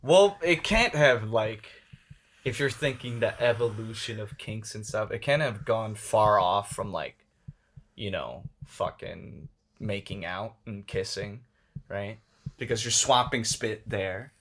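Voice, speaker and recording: A man's voice: lowish voice, slow, fairly bright tone, slight background noise. Rambling, swearing young man chatting. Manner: rambling, swears a lot, laughs often. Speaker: podcast host. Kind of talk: casual chat.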